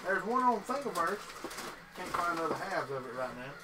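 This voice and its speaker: A man's voice: sits high, big pitch swings, a little fast, background noise. Folksy Southern man chatting on a stream. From Mississippi. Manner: folksy and chatty, reads out viewer comments. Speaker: livestream host. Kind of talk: casual livestream chat.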